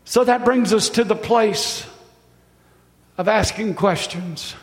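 A man with a high voice preaches with passion, climbing to loud cries and sinking to near whispers. His sermon rings through a church hall with a long, trailing reverb. He sounds middle-aged and fervent. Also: takes it slowly. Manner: impassioned, rising to shouts then dropping to a hush. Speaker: pastor. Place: church sanctuary.

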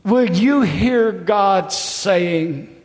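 A man with a high voice preaches with passion, climbing to loud cries and sinking to near whispers. His sermon rings through a church hall with a long, trailing reverb. He sounds middle-aged and fervent. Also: drawn-out words. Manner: impassioned, rising to shouts then dropping to a hush. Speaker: pastor. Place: church sanctuary.

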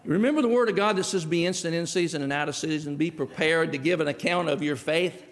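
A man's voice: on the high side, quick pace, vocal fry, hardly any pauses. A middle-aged man preaching a sermon in a church, telling stories in a folksy way and acting out the dialogue himself. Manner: folksy storytelling, acts out dialogue. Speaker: pastor. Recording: long hall reverb.

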